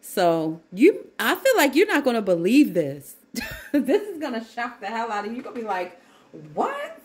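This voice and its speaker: A woman gives a casual tarot reading, calling out to her viewers as y'all. Her voice sits fairly high, and she laughs and exclaims often. The sound is roomy and echoey. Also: big pitch swings, normal speed. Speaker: tarot reader.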